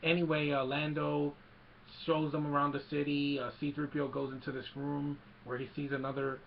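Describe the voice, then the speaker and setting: A man's voice: a little high, monotone, normal speed, gravelly, highs cut off, slight background noise. A man casually retelling a movie scene by scene, rambling with many fillers. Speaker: film recap vlogger.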